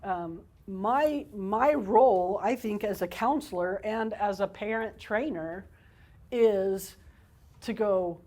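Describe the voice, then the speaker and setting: A woman's voice: medium pitch, slow, darkish tone. A woman counselor and parent trainer giving a parenting workshop talk, speaking conversationally and often checking in with "okay?".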